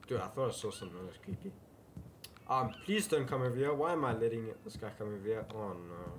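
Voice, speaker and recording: A man's voice: lowish voice, expressive, fast talker, background noise. A man casually commenting while playing a game, mumbling jokey asides to himself. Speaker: gaming video host. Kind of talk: casual let's-play commentary.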